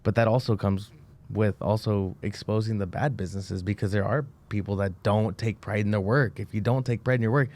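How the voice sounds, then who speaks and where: Laid-back low-voiced man. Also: fairly even intonation, a little fast, a little mellow. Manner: laid-back, agreeable, slangy. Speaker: guest, business owner. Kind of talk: casual interview talk.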